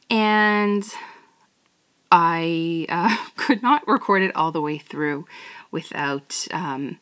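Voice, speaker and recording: A woman's voice: on the low side, drawn-out words, a bit bright. A woman who performs audio role-plays, chatting casually and rambling with nervous giggles, often dropping to a whisper. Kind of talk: casual chat.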